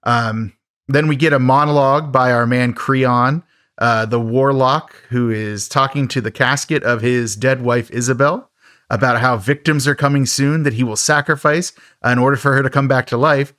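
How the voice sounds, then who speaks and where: A man's voice: mid-range voice, steady tone, moderate pace, fairly bright tone, no room sound, studio quality. A man co-hosting a podcast, casually recapping a schlocky horror film with jokes and frequent laughter. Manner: jokey, laughing often. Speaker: podcast co-host. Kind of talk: casual movie recap chat.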